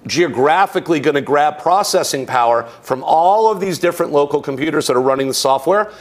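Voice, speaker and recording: A man's voice: a little high, lively intonation, fairly quick. A man teaching a recorded course, explaining in a conversational way, posing rhetorical questions and dropping casual asides. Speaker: instructor. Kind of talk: conversational tech lecture.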